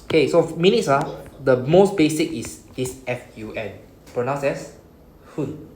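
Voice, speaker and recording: A man's voice: medium pitch, animated, moderate pace, darkish tone, roomy sound, slight background noise, rough recording. A man with a Singaporean English accent teaching a beginner Japanese class, explaining patiently and checking in with "right?" after each point. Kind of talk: classroom lesson.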